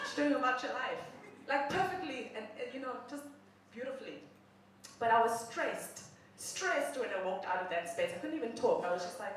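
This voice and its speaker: A young woman spins a comic tale at her own expense, her fairly high voice leaping up and down as she laughs into her words. She sounds far from the mic, in a strongly echoing room with a faint hiss behind her. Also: a little fast. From South Africa. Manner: animated, self-mocking, laughs while talking. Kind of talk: comic personal storytelling.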